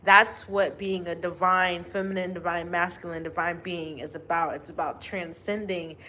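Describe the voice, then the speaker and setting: A woman speaking unscripted to her viewers as a spiritual reader, slow and deliberate, with long pauses and restarts. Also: fairly low pitch, level tone, pushed and bright, slight background noise. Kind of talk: unscripted spiritual monologue to camera.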